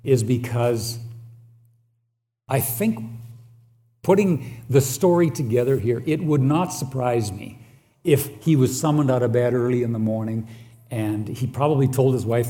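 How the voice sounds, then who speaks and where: A man with a mid-range voice preaches a sermon and reads scripture aloud, slow and deliberate, growing louder on key lines.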